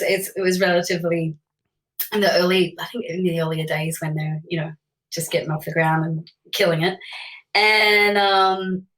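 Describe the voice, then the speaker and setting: Bright-voiced woman telling a lively story. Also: mid-range voice, recorded from a distance. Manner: animated, acts out voices in quotes, laughs often. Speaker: singer telling a gig story. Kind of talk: casual anecdote.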